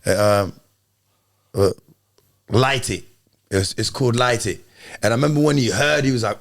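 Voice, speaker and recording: A man hosting a podcast, telling animated stories in casual chat and often checking that the listener follows. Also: medium pitch, moderate pace, gravelly, long pauses. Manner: animated storytelling with constant check-ins. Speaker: podcast host and musician.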